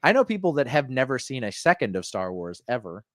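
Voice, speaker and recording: Rambling podcast host, dry sound. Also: male voice, medium pitch, very animated, fairly quick, fairly bright tone, dry recording. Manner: rambling, with many fillers and restarts. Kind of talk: casual pop-culture chat.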